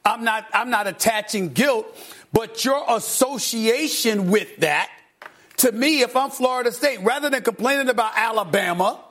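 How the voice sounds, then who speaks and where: A man hosting a sports debate show, speaking emphatically and deliberately. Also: very high voice, fairly bright tone. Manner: emphatic, deliberate, repeating points. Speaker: host.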